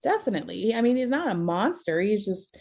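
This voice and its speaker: A woman's voice: medium pitch, big pitch swings, a little fast, vocal fry, darkish tone, a little hiss or hum. A young adult woman talking candidly as a counseling client, emotional and blunt, often breaking into laughter.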